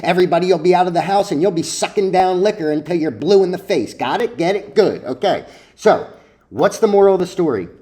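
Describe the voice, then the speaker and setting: A man's voice: high voice, expressive, brisk, dark tone. A man lecturing his viewers about trading in a blunt, profane, preachy way, full of rhetorical questions. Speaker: stock trading vlogger.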